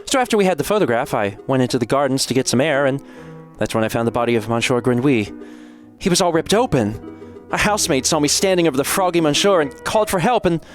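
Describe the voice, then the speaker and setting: A man's voice: medium pitch, expressive, fast, soft background music, natural voice. A man voicing a young noble cat girl who is sweet, chatty and naive, talking in a bubbly, breathless way.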